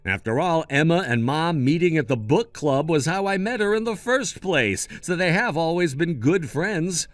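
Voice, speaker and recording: A man's voice: a little high, expressive, moderate pace, few pauses, no echo. Firm, sarcastic male storyteller. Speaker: first-person story narrator. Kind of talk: scripted story narration with dialogue.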